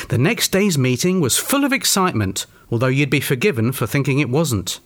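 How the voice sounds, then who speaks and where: Comic host and storyteller, dry and teasing, animated delivery. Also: male voice, mid-range voice, fairly quick, few pauses. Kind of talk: mock children's story reading.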